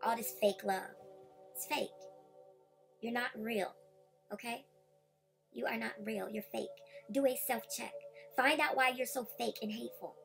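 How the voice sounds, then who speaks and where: A woman's voice: a little high, fairly even intonation, a little slow, creaky, long pauses, fairly bright tone, soft background music. A woman vlogger ranting heatedly and confronting rivals directly. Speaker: YouTube commentator. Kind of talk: vlog rant.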